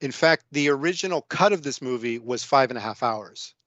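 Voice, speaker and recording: A man's voice: medium pitch, animated, a little fast, fairly bright tone, dry recording, highs cut off. Chatty man rambling through a story. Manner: rambling storytelling with many fillers. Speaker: guest film discussant. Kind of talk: casual podcast film chat.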